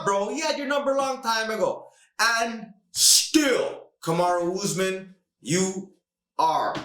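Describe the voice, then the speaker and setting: A man hosting a casual podcast, talking fast and emphatically about a fight, now and then mimicking other people. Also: a little high, pushed and bright. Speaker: podcast host. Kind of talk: animated casual podcast rant. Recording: echoey room, distant mic.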